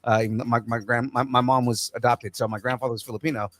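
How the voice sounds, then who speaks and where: A man hosting a podcast, excitable and rambling, laughing as he chats and reads sponsor spots. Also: mid-range voice, fast, no room sound. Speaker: podcast host.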